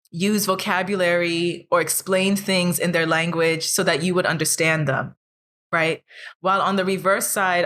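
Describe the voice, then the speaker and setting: A fairly low-voiced American woman co-hosting a relaxed podcast conversation. She speaks earnestly and thoughtfully, and picks up energy when she presses a point. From United States. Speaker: podcast co-host. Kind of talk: casual podcast discussion.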